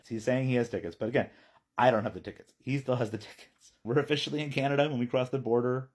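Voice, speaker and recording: A man telling a personal story in a chatty, animated vlog. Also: medium pitch, quick pace.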